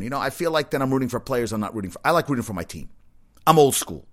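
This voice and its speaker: A man's voice: mid-range voice, expressive, fast, fairly bright tone. A man hosting a casual sports talk show, ranting bluntly and sarcastically with plenty of profanity.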